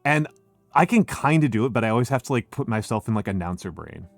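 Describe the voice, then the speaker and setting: A man's voice: mid-range voice, expressive, quick pace, creaky, soft background music. A man with a General American accent, hosting a casual stream chat and explaining a bit of history in a talkative way with frequent restarts. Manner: chatty, restarts often, lectures on history. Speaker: streamer host.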